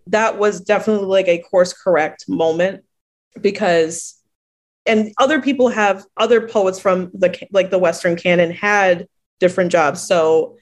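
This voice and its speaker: A woman poet from New Jersey talks in a relaxed interview. She laughs easily and tells her stories with lively acted-out quotes. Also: mid-range voice, normal speed. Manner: chatty storyteller who laughs often and acts out quoted voices. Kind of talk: casual interview conversation.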